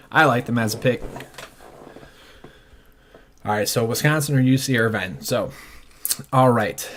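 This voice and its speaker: Man, lowish voice, casual thinking aloud, hesitant, lots of fillers. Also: slight background noise. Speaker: sports channel host. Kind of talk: casual talk-through of bracket picks.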